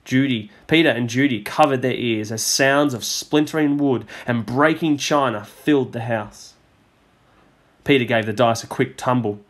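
A man teacher reading a storybook aloud to a class, measured and expressive. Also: medium pitch.

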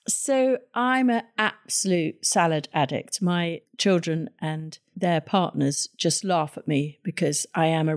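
A woman's voice: fairly low pitch, gravelly. An older woman hosting a gardening podcast, chatting casually with enthusiasm and emphasis. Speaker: podcast host.

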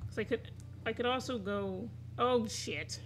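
A woman's voice: fairly high pitch, measured pace, fairly bright tone, a little hiss or hum. A woman streaming a game, chatting casually, cursing freely and getting flustered. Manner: swears freely, flustered and laughing. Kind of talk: casual live-stream chat.

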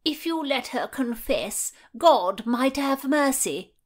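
A woman doing a stiff preachy tudor lady, pitched up high, slow and loud, scolding. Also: lively intonation, exaggerated voice. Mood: reproachful. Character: pious, disapproving Tudor noblewoman.

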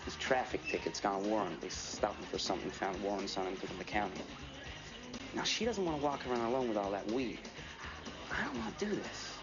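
An actor playing an edgy young man telling a profane, animated drug-deal story. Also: fairly low pitch, fairly quick. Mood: tense. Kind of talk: film dialogue. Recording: dull film audio with music underneath.

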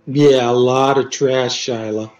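Slow-talking man telling stories from afar. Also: medium pitch, steady tone, darkish tone. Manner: halting, with many restarts and dry teasing. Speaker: interview guest, poet. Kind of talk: casual storytelling interview. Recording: roomy, distant, dull sound with faint music.

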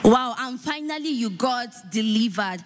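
A woman's voice: fairly high pitch, lively intonation, unhurried, music in the background. A woman interviewing a church member, asking polite, formal questions. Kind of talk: testimony interview. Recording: echoey hall with background noise.

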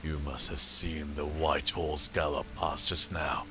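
A man voicing an arrogant male villain king who taunts in a slow, booming way. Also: steady tone, over music. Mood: threatening.

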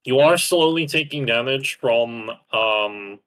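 Bright-voiced young man giving bossy game instructions. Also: medium pitch, slow. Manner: bossy, instructing, swears when frustrated. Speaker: streamer. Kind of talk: live gameplay chat.

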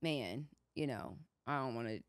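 A woman co-hosting a podcast, talking through faith in a relaxed, thoughtful way, often checking in with "you know what I'm saying". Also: extremely low pitch, moderate pace, dry recording, studio quality. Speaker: podcast co-host. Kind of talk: casual faith chat.

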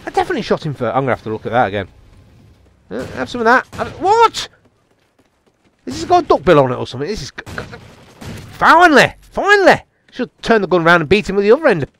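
A man giving live gameplay commentary, excitable and taunting his opponents, dropping to mutters and jumping to yelps. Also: high voice, very fast, vocal fry. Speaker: gamer.

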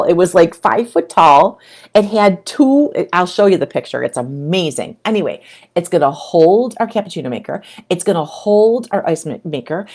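A middle-aged woman talking casually to camera as a coach, animated and breaking into excited exclamations. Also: mid-range voice. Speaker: video creator and coach.

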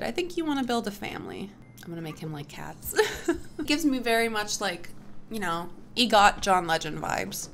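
A woman's voice: mid-range voice, fairly bright tone, a little hiss or hum. Chatty, foul-mouthed young woman gamer. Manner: chatty, swears freely, laughs often. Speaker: YouTuber building Sims characters. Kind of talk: casual gameplay commentary.

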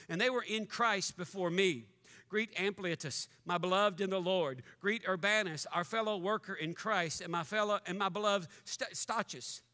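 A male pastor with a high, bright voice delivers a joking, conversational sermon. His words ring out with a long reverb through the church hall. He talks straight to the congregation, often with a wry aside. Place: church sanctuary.

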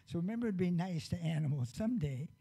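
A man with a gravelly, husky voice, a little higher than most, tells a gentle story to children at church. His tone is mellow and dark, and he pauses to ask the kids simple questions. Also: expressive, low-quality recording.

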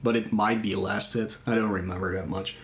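A man's voice: on the low side, brisk. A man casually explaining a video game as he plays it live, chatting with viewers between moves. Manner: relaxed, explains as he plays, glances at chat. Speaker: speedrunner. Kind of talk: live commentary while playing. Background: game music.

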